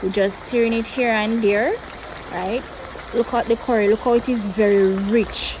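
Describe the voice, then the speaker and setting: A woman's voice: a little high, fairly even intonation, moderate pace, background noise. A Jamaican woman hosting a cooking video, explaining each step to viewers in a chatty way from her kitchen. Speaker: cooking channel host. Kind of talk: casual cooking demonstration.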